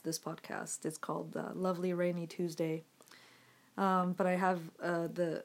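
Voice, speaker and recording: A woman's voice: on the low side, a little mellow. A woman vlogging to her audience on a phone, rambling with many fillers and frequent swearing. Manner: frustrated, swearing, filler-heavy. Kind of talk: casual rambling to camera.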